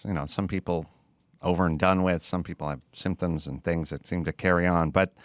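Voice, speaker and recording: A man's voice: sits low, fairly even intonation, brisk, dry recording, clean studio sound. A male podcast host riffing in casual comedic chat, rambling and sardonic.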